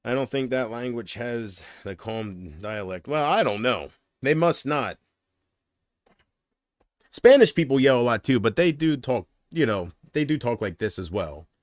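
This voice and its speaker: A man chatting casually on a livestream, rambling and griping. He swings from loud complaints to muttered asides and trails off mid-sentence. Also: mid-range voice, very animated, a little slow, no echo, clean studio sound.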